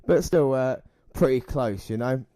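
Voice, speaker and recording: A man co-hosting a casual podcast, chatting and reading news and listener shout-outs. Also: medium pitch, a little slow, no echo. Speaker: podcast co-host.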